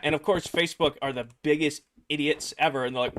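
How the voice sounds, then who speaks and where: A man's voice: on the high side, a little fast, hardly any pauses, a little hiss or hum. A young man streaming, rambling through a personal story for his chat and acting out the voices of the people in it. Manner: rambling, animated, acts out quoted voices.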